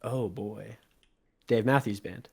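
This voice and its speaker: A young man co-hosting a music podcast, playful and excitable, laughing often in casual chat. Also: fairly low pitch, takes it slowly, vocal fry, breathy edge. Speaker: podcast co-host.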